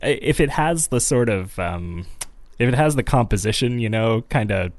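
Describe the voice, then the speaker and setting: A man's voice: medium pitch, lively intonation, moderate pace, dry recording. A man on a podcast panel who talks in a tired, rambling way and slips in jokes. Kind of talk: casual panel chat.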